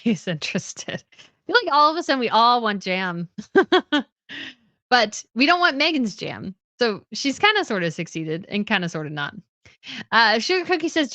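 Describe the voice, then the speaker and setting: A woman's voice: fairly high pitch, bright, forceful tone, no room sound. A woman hosting a livestream, chatting casually as she reads out viewer comments, sounding a bit tired, with fillers and little laughs. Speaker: host.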